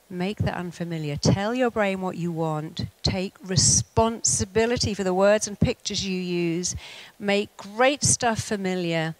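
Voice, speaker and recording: An English woman, a therapist, giving a motivational talk and acting out the mind's voice in lively asides. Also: medium pitch, in a large hall. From England. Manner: animated, acts out the mind talking back. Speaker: therapist and self-help speaker.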